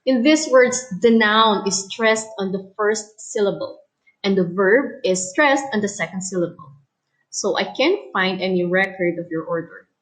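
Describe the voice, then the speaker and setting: A woman teacher giving a recorded English lesson, explaining clearly and calmly. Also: medium pitch, measured pace, rough recording.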